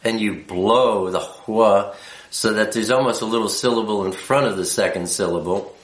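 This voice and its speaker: A man teaching and explaining letters patiently, with a halting delivery full of fillers. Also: on the low side, echoey room. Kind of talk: unscripted teaching talk.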